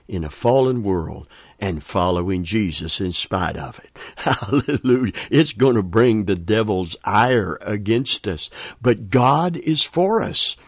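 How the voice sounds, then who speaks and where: A man preaching a sermon in an earnest, emphatic way, laughing softly now and then. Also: medium pitch, no echo, clean studio sound. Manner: earnest, emphatic, with warm chuckles.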